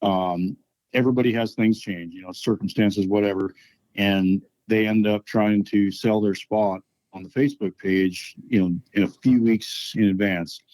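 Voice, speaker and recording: A match organizer speaks in a low, mellow voice, relaxed and unhurried, with frequent pauses to think. The recording is dry and close. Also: male voice, no echo, poor audio. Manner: relaxed, explaining at length with many ums. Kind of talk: casual podcast interview.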